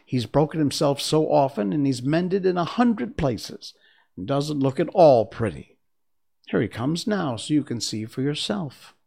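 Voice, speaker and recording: A man voicing a small, timid china princess with a high, fearful, fragile voice. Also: expressive, unhurried, creaky, dark tone, full character voice. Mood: chatty.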